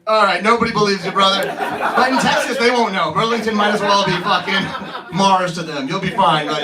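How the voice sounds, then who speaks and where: On a club stage, a high-pitched man in his thirties works the crowd at a moderate pace, brash, teasing and profane in his stand-up. The mic is distant, and the audience laughs loudly.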